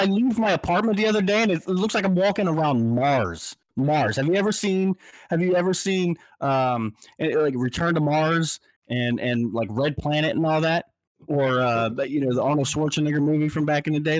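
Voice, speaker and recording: A man on a sports panel show, talking casually and ranting in an exasperated, animated way. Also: on the high side, normal speed, no room sound.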